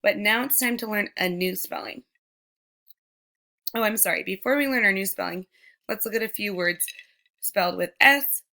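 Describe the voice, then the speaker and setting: A woman teacher giving a recorded phonics lesson to young children, sounding out words slowly and speaking to them directly. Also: mid-range voice, creaky, sharp tone. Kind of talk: slow, deliberate remote phonics lesson.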